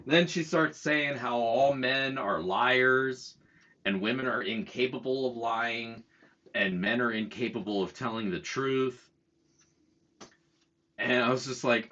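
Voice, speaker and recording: A man's voice: medium pitch, a little slow, pauses often, pushed and bright. A middle-aged man telling a story as a heated casual rant, swearing freely and mocking other people's words. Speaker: channel host. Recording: dull lo-fi sound.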